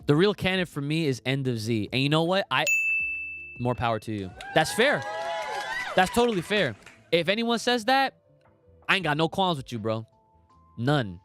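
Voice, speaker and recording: A man's voice: a little high, very animated, moderate pace, long pauses, over music. A young man hosting a casual podcast livestream, talking emphatically in slangy, swearing rants and reading out chat comments. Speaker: podcast host.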